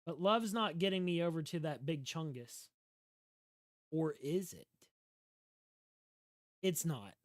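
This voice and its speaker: A man's voice: a little high, slow, long pauses, no room sound, clean studio sound. A young man with a Southern US drawl casually chatting and joking while streaming a game, talking back to chat. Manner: slurred drawl.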